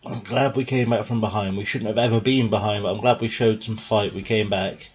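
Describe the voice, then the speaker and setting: A young man with a low, husky voice talks through a game in a loose, rambling way, sounding tired. The recording is dull and lo-fi, like a cheap home mic. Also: fairly even intonation, fairly quick. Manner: rambling, thinking out loud. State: tired, yawning. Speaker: gaming video host. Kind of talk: casual let's-play commentary.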